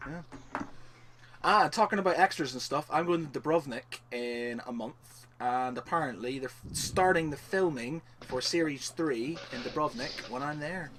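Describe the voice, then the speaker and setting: A man's voice: on the high side, normal speed, a bit bright, slight background noise. A man co-hosting a podcast in casual chat, rambling and laughing as he talks. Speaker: podcast co-host.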